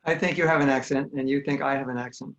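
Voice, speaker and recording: A man's voice: medium pitch, fairly even intonation, quick pace, fairly bright tone, highs cut off. An American man giving an earnest, conversational spiritual talk over a video call, acting out the voices he quotes. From United States. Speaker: spiritual teacher. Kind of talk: online talk with questions.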